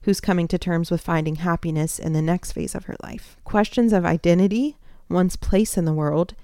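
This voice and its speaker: A woman co-hosting a podcast, chatting casually and excitably, at times reading a summary aloud. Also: fairly low pitch, normal speed, no echo, clean studio sound. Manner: excitable, reads a synopsis aloud. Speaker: podcast co-host. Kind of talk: casual chat.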